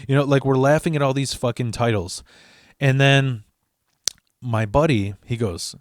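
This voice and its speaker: A man's voice: mid-range voice, normal speed, long pauses, no echo, clean studio sound. A young man casually telling a personal story, swearing freely and acting out what others said. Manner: animated, profane, acts out quoted voices.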